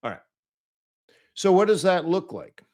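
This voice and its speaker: A man's voice: high voice, big pitch swings, measured pace, a little mellow. A man hosting a live trading webinar, chatty and playful, laughing at his own jokes and mimicking people in mock voices.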